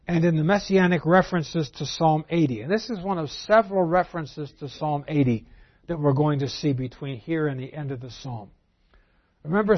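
A man giving an expository Bible lecture, reading verses aloud and explaining them, moving between emphatic lines and very quiet ones. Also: fairly high pitch. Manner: swings from emphatic to very soft and quiet. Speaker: Bible teacher. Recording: dull lo-fi recording.

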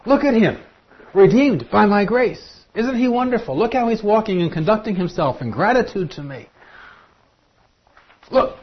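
A man's voice: extremely high pitch, expressive, normal speed, breathy edge, pitched above the performer's own voice, full character voice. A man voicing God the Father, proudly boasting about his people. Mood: proud, exclaiming. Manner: exclaiming, delighted. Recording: dull lo-fi recording.

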